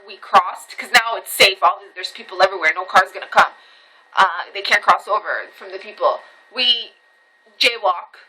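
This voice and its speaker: A woman's voice: mid-range voice, low-quality recording. A woman recording a casual storytelling vlog on her camera phone, recounting events animatedly with many restarts, repetitions and swearing. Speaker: vlogger.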